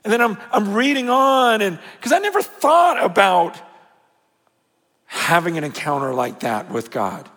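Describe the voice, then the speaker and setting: A man preaches in a casual, conversational way, then rises to a shout and drops to a hush. His voice sits high for a man. It rings with the long reverb of a large hall. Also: a little slow. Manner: animated, swings from shouting to hushed low tones; conversational with fillers and laughs. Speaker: pastor. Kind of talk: sermon.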